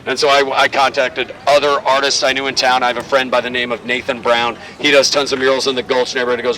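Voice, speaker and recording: A man leading a walking tour outdoors, telling stories in a lively, joking way. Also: medium pitch, fast. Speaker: tour guide. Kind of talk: guided walking tour talk. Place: outdoors on a city street. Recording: distant outdoor mic, faint street noise.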